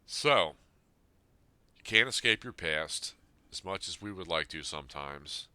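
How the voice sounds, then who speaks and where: A man's voice: sits low, animated, unhurried, bright, forceful tone, smooth, no echo. A man in his fifties, a podcast host, reading a personal letter aloud and then talking it over in an earnest, plain-spoken way. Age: 50s.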